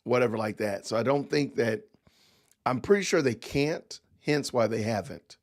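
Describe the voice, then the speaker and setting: A man's voice: mid-range voice, moderate pace. A middle-aged man hosting a podcast livestream, rambling in casual commentary and talking straight to his chat. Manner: rambling, talks to chat directly. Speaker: podcast host reacting to news clips.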